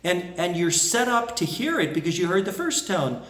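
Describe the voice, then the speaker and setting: Male music teacher, fairly high voice, very animated delivery, roomy echo. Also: normal speed, distant mic. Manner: explanatory, lively, hums phrases to show them. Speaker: harmonica teacher and performer. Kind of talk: music lesson with played examples.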